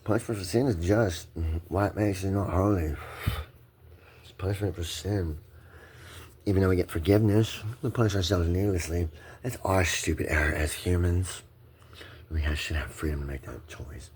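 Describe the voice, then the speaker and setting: A man's voice: low voice, normal speed, darkish tone, a little hiss or hum. A middle-aged man, emotional and shaky, rambling and repeating himself as he stumbles through a personal rant recorded on a handheld phone. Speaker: vlogger.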